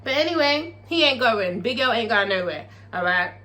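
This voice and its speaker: A woman's voice: fairly high pitch, expressive, moderate pace, bright, forceful tone. A British woman recapping a TV episode in a casual, profane, chatty way, as a show reviewer.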